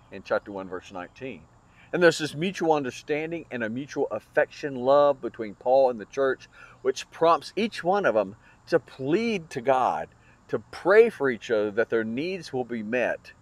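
A man's voice: mid-range voice, no room sound. A man teaching a Bible study lesson in an earnest, explanatory way, with small restarts and fillers.

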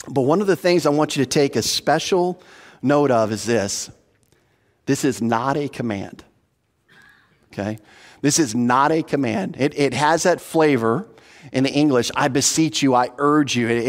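A man preaching an expository sermon as pastor, earnest and teacherly, stressing points by repeating them. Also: a little high. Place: church hall. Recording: long hall reverb.

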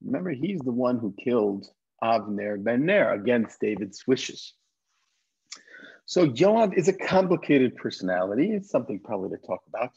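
A man's voice: medium pitch, big pitch swings, normal speed, vocal fry, darkish tone, husky. A man who is a rabbi, giving a conversational lecture that retells a bible story and quotes its figures. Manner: conversational, with restarts and quoted speech. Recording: dull lo-fi lecture recording.

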